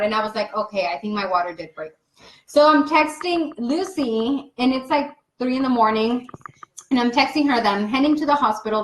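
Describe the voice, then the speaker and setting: A young woman telling a story in casual chat, animated and laughing as she acts out what people said. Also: fairly high pitch. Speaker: co-host. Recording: echoey room.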